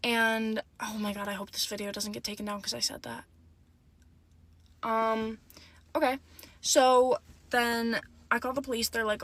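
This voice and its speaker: A woman talks through a casual storytime while sitting in a car, her voice a touch higher than most. She rambles, leaning on "like" and "you know" as she goes, speaking into a phone. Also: moderate pace, a bit bright. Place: inside a car.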